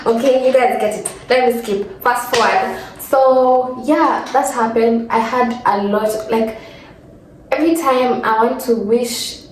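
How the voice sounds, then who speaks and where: A woman's voice: fairly high pitch, takes it slowly. Kenyan girl in her 20s doing a storytime vlog, chatty and rambly, kinda teary, echoey room with a faint hum behind. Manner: chatty, rambling with many fillers and restarts. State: emotional, close to tears. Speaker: vlogger. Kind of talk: casual sit-down storytime.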